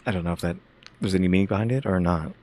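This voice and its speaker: A man co-hosting a reaction show, commenting in a halting, puzzled way in casual chat. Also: low-pitched, darkish tone. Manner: puzzled, halting, with restarts and asides.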